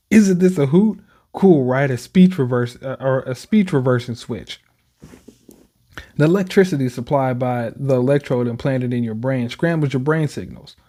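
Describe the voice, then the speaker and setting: A gleeful mad scientist villain, as a man reads him aloud with a smug, slow delivery. His tone stays mellow and stays close to the reader's own voice. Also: mid-range voice, voice pushed down, close to an everyday voice.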